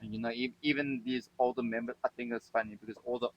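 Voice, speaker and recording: A man's voice: medium pitch, fairly even intonation, fast, no echo, dull audio. A man from South Africa with a South African accent, chatting casually and rambling a bit, often laughing at himself. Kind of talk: casual chat.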